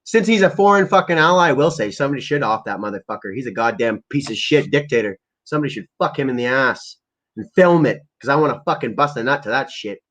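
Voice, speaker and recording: On a casual livestream, a stoned man rambles and rants crudely while setting up prank calls, talking fast in an animated, mid-range, slightly bright voice. The recording is lo-fi and muffled.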